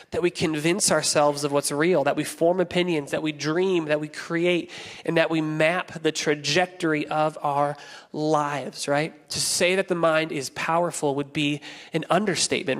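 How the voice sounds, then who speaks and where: A young man preaching a sermon as a pastor, telling stories with playful, animated asides. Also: on the high side. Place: church auditorium. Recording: long church hall reverb.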